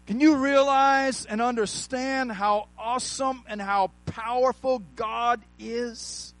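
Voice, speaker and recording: A man preaching a sermon, calling out to the congregation and rising to shouts, with slow, drawn-out emphasis on key words. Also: very high-pitched, no echo, rough recording.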